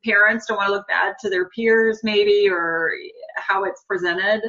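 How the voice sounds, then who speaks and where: A woman's voice: mid-range voice, steady tone, a little slow, pushed and bright. A woman hosts an interview in a reflective, appreciative way. Her voice has a slightly dull, lo-fi sound. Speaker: host.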